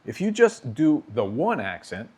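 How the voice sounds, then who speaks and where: A man's voice: mid-range voice, very animated, a little slow, background noise. A man teaching drum technique, explaining patiently and checking in with his students. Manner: patient, explanatory, frequent "okay?" check-ins. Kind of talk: instructional demonstration.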